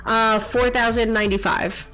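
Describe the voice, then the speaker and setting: A woman's voice: a little high, fairly even intonation, fairly bright tone, soft background music. Chatty young woman streamer. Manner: chatty, reads chat aloud, quick jokes and teasing. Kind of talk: casual live-stream chat.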